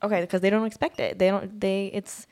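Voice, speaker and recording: A woman's voice: medium pitch, little pitch movement, fairly quick, darkish tone. A woman co-hosting a podcast in casual chat, frank, with many "like"s. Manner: frank, says "like" a lot. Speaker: podcast co-host.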